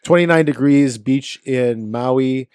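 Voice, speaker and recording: A man's voice: mid-range voice, slow pace, a little mellow, clear, resonant tone, dry recording, studio quality. Playful male podcast host. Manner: playful, laughing quiz-master. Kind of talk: casual chat, quick-fire questions.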